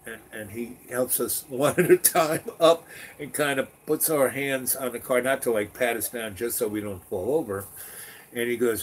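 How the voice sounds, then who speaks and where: A man's voice: mid-range voice, moderate pace, a little hiss or hum. A man telling a long personal story in a meandering, chatty way, full of fillers and restarts. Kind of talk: rambling personal anecdote.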